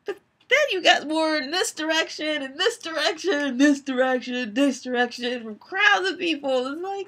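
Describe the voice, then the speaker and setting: A woman's voice: sits high, animated, normal speed, a bit bright, slight background noise. A woman in her forties, talking candidly and rambling with frequent restarts as she hosts her own live stream. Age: 40s.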